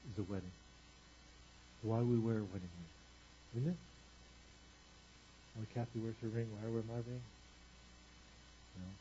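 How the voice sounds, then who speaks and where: A man preaching a sermon, moving from quiet earnest talk to booming exclamations. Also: dull audio, slight background noise. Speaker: pastor.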